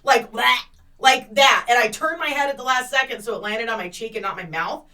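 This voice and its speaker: Profane, bright-voiced woman telling a story. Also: a little high, fairly quick, distant mic. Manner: profane, animated storytelling with acted-out quotes. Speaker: podcast co-host. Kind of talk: casual storytelling chat.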